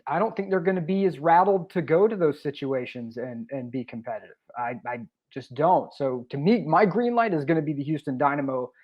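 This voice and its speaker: A man co-hosting a sports talk show, musing in casual chat and trailing off quietly. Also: fairly high pitch, brisk, few pauses, muffled recording. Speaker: co-host.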